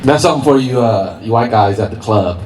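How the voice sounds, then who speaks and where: Guy doing stand-up outside in a park, lively up-and-down voice, kinda far off the mic, roomy with noise behind. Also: fairly low pitch, a little fast. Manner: animated, laughs through punchlines. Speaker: stand-up comedian. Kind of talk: outdoor stand-up set. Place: outdoor park stage.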